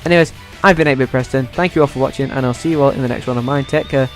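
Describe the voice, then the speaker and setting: A man ranking movies in a casual vlog, excitable and swearing freely. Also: mid-range voice, racing, soft background music. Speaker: YouTuber.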